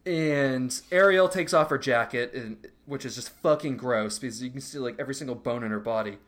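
A man's voice: mid-range voice, brisk, a bit bright. A man recapping a film in casual, crude podcast chat, joking and mimicking characters. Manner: crude, joking recap with mocking quoted voices. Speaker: podcast co-host.

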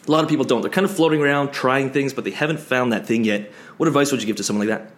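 A man talks quickly as the host of an interview, stringing long questions together and thinking aloud as he goes. His pitch sits in the middle range. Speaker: podcast host, business coach. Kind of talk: casual conversational interview.

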